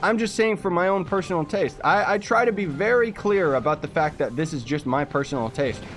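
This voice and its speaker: Young canadian guy on a game stream, bouncy lively voice, a bit high, faint music behind. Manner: chatty, reads chat aloud, jokey asides. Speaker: livestreaming gamer. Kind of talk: casual livestream chat while playing.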